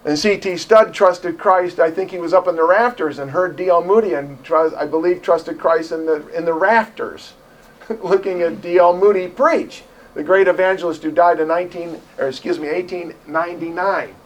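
High-voiced emphatic preacher. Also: male voice, normal speed. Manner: impassioned, emphatic, swings from loud to quiet. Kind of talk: sermon.

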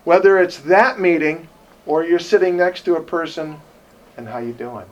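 A man's voice: high voice, fairly even intonation, moderate pace, muffled recording. A man preaching as an evangelist in a folksy, digressive, joking way, speaking to a congregation. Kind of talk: sermon. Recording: distant voice, faint noise.

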